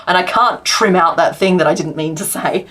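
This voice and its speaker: An Australian woman chatting casually with viewers on a live crafting stream, talking in quick run-on sentences and laughing often. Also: lowish voice, a bit bright. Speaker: crochet streamer.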